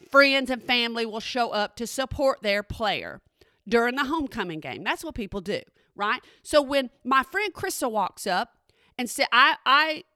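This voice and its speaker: A middle-aged woman telling a story in a chatty, animated way and often checking in with her listeners. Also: a little high, no echo, clean studio sound. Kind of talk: casual spoken storytelling.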